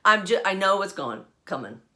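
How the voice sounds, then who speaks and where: Older woman host, animated storyteller, very lively pitch, laughs a lot. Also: normal speed. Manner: animated, laughs often while telling. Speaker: podcast host. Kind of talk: casual storytelling. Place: at home.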